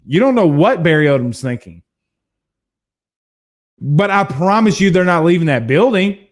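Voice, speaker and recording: A man in his thirties from Louisiana hosting a casual sports stream, reading viewer comments and telling stories in a blunt, animated way. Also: on the high side, normal speed. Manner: animated storyteller, hums drum beats, blunt. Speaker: sports show host.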